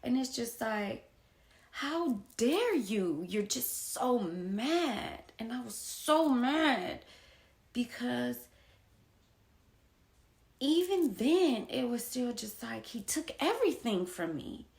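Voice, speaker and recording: A young adult woman talking casually and from the heart to her viewers, slow and reflective, with soft whispered asides. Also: on the high side, animated. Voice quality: gravelly vocal fry. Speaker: poet and painter sharing her story. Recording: echoey room.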